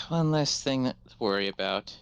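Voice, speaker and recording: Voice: mid-range voice, animated, slow, clean tone, highs cut off. A player speaking in character in a fantasy tabletop game, with a wry, sarcastic delivery. The voice rises and falls a great deal as the remarks come out.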